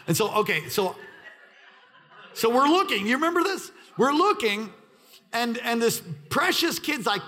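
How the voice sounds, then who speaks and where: A middle-aged male pastor preaching through a personal story, acting out the people in it and swinging between loud excitement and hushed quiet. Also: extremely high pitch, normal speed. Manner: animated, acts out quoted voices, swings from loud excitement to hushed near-whisper. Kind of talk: sermon storytelling.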